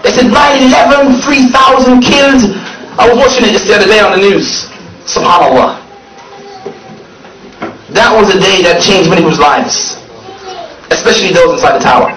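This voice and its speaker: A man preaching to an audience in a mocking tone, laughing often as he speaks. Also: sits high. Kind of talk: public speech. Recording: echoey, distant, noisy recording.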